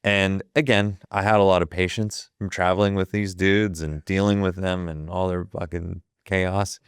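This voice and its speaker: A man in his fifties from Ohio, telling a wild story as a podcast guest. His low voice is smooth and resonant, and he swears freely while acting out each line of dialogue. The recording is close and dry. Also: little pitch movement, moderate pace, dry recording. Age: 50s. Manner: profane, vivid retelling that acts out the quoted dialogue. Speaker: guest, photographer. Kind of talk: casual storytelling.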